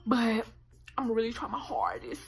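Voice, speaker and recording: A teenage woman telling a story to her camera, animated and profane, acting out what people said. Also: fairly high pitch, normal speed. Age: late teens. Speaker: vlogger. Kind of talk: casual storytime vlog. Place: indoor room by natural light.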